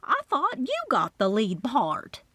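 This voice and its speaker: A woman's voice: on the high side, huge pitch swings, takes it slowly, bright, forceful tone, no room sound, voice pushed up, heavily acted. A woman voicing a wry, sarcastic coffeehouse worker.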